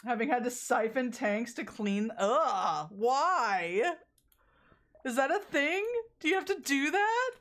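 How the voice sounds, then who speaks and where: A woman's voice: sits high, animated, takes it slowly, fairly bright tone. A woman streamer chatting casually while playing a game, often exasperated, rambling and swearing at it. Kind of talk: casual gameplay chat.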